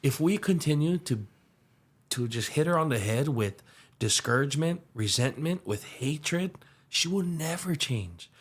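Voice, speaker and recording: A young man with a light lilt telling his story earnestly on a podcast, his voice dropping to a hush when it gets emotional. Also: fairly high pitch, animated, unhurried, husky. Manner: earnest, slips into soft hushed tones when emotional. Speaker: musician and aspiring pastor.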